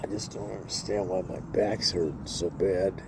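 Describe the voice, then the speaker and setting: Against some background noise outdoors, a man in his sixties vlogs at a moderate pace in a low voice. He wanders from topic to topic, sounding worn out and cursing without restraint.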